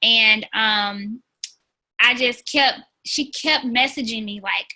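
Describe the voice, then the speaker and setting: A woman's voice: fairly high pitch, slow, pushed and bright, low-quality recording. A woman leading a team call, giving an earnest, chatty motivational talk with plenty of "um" and "like", calling listeners "y'all". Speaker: team leader on a business team call.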